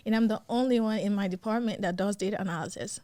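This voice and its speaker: A woman's voice: mid-range voice, quick pace, mellow, dry recording. A woman from West Africa talking as a podcast guest, enthusiastic and giggly, calling herself a nerd. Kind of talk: casual interview chat. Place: studio set.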